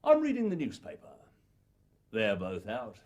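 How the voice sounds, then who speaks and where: Elderly father, husky, wry, slow drawl, swooping wildly in pitch. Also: wildly swooping pitch, a little mellow, heavily acted. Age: older. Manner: slow storytelling with playful sound imitations. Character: elderly father in a lonely farmhouse, shrewd and wry. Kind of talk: acted monologue recollection.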